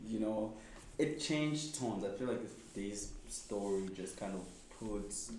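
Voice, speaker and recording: A man's voice: on the low side, a little slow, a little mellow. A man co-hosting a podcast, thinking aloud in casual chat with many "you know" fillers. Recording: echoey room with faint background noise.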